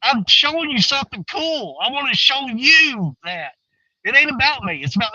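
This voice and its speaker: Outdoor vlogger: man, high, lively voice, bright and slightly lo-fi, folksy and rambling. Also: normal speed, no echo. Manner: folksy, animated, swings between excited and hushed. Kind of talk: casual rambling talk to viewers. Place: outdoors on a riverbank.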